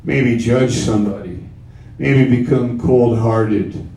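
A man preaching a sermon, slow and emphatic, repeating his key phrases. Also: medium pitch, dark tone, far from the mic. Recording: roomy sound from off-mic.

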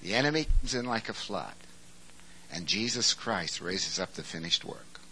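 A man preaching a sermon, swinging from quiet explanation to shouted emphasis. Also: on the low side, animated, moderate pace, slight background noise, rough recording.

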